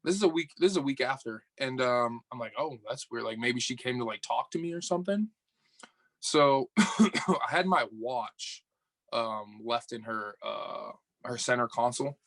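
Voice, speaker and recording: Young man, podcast guest, casual storytelling, animated, swears a lot, dry close sound. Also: medium pitch, moderate pace, no room sound. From upstate New York. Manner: animated, swears often, acts out dialogue.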